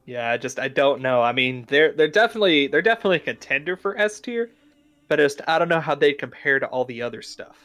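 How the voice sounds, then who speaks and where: Bright-voiced chatty young man. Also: fairly high pitch, lively intonation, fast. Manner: chatty, hesitant, many fillers and restarts. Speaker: podcast host ranking cartoon foods. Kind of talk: casual chat.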